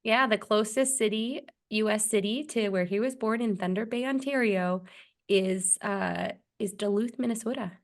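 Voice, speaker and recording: A woman's voice: medium pitch, normal speed. A young adult woman co-hosting a podcast in casual chat, playful and joking, while getting over a cold. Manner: playful, joking, laughs often. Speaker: podcast co-host.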